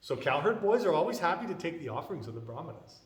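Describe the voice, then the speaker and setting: Animated male storyteller in an echoey hall. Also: on the high side, fast talker. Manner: animated storyteller who acts out the characters. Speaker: class speaker. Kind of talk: storytelling scripture class. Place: temple hall.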